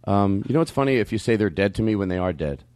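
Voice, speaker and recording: A man's voice: on the low side, lively intonation, darkish tone, no room sound, studio quality. A man hosting a comedy podcast, rambling and joking with a loose, swearing delivery. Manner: rambling, jokey, swearing, quick laughs. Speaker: podcast host.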